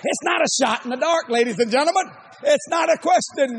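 An older man with a Cajun accent preaching a sermon, emphatic and repetitive, often shouting his lines. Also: very high-pitched, fairly quick, slight background noise.

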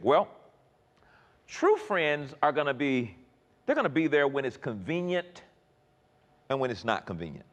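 Animated preacher man in a reverberant hall. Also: medium pitch, unhurried, pauses often. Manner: animated, repeats words, acts out quoted dialogue. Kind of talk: sermon. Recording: long reverb in a large hall.

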